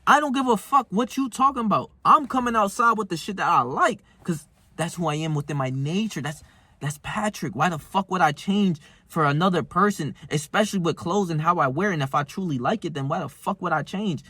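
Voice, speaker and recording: A man's voice: a little high, expressive, normal speed, pushed and bright, dry recording. A young man telling stories in a casual, heated monologue, full of slang and cursing. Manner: profane, slangy, heated storytelling. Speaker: self-improvement vlogger.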